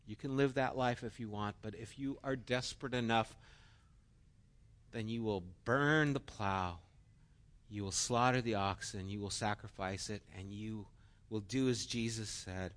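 A man's voice: lowish voice, measured pace. A middle-aged man preaching a sermon in an earnest, storytelling way and acting out quotes.

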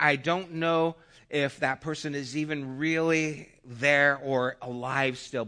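A man voicing a hesitant villager passing on a rumor, animated and a bit loud. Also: mid-range voice, voice pushed up.

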